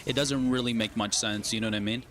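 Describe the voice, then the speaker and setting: A man's voice: mid-range voice, steady tone, quick pace, fairly bright tone, a little hiss or hum. Rambling man tagging everything with "right?". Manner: rambling, asks "right?" and "you know what I mean?" constantly. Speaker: gaming streamer. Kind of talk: casual chat while gaming.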